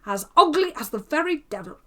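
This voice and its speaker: A woman's voice: high voice, sing-song, brisk, pitched above the performer's own voice. A woman reading aloud and voicing a pompous, gossiping male tailor who talks in a chatty, self-important way full of exclamations.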